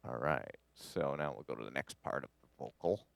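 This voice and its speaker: A man from Canada teaches a live studio class on music production, with a very low voice. He rambles and cracks jokes while he edits, and the sound is dry and close. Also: moderate pace, gravelly, dry recording. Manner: rambling, jokey, talks to the audio as he edits.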